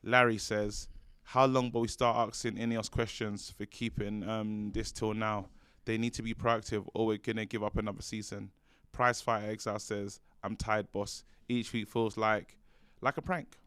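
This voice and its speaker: Low, smooth-voiced lad reading comments. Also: male voice, level tone, normal speed, a bit bright, no echo. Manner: jokey, stumbling reader with many fillers. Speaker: fan channel co-host. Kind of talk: casual chat, reading viewer comments.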